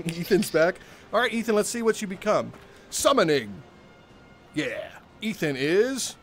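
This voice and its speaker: Guy streaming a game at home, bouncy pitch all over, goofy and theatrical, faint hiss behind. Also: expressive, normal speed. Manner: jokey, theatrical, bursts of laughter and loud exclamations. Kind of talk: playful live game stream.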